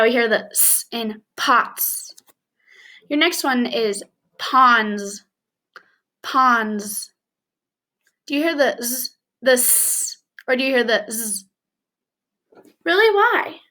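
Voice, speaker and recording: Woman, young adult phonics teacher; unhurried, clear and encouraging, mixes in some Spanish; high, bright tone. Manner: slow, clear, encouraging classroom delivery with bits of Spanish. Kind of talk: early reading lesson for young children.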